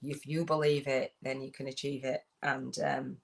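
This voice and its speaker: A chatty woman hosts a casual live stream, her voice sitting low for a woman. She reads aloud in halting stretches, stumbles and restarts, and breaks into laughter often. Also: flat delivery, creaky. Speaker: host. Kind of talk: casual livestream chat.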